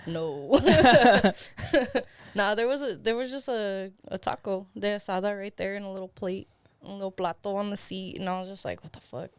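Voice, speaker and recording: Young woman, podcast co-host, casual laughing storyteller, swears, mid pitch, dry close sound. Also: normal speed, clean tone, dry recording. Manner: loose and laughing, swears freely, heavy on "like". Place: podcast studio.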